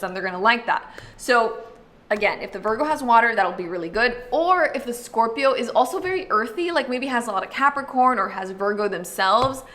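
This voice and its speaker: A woman hosting an astrology video, talking casually and explaining to the viewer, full of "like" and quick acted-out quotes. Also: fairly high pitch, lively intonation, sharp tone. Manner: chatty, uses lots of "like", acts out quick voices. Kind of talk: casual explanatory talk to camera.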